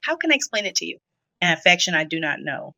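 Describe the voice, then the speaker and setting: A woman's voice: fairly low pitch, very animated, quick pace, vocal fry, sharp tone, no echo, poor audio. A middle-aged woman from Brazil, a guest in an interview, telling her own story emotionally. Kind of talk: confessional interview talk.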